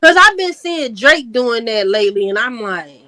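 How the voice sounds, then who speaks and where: Animated high-pitched Chicago woman. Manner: laughing, animated, drawn-out slang. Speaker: host. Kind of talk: casual livestream chat.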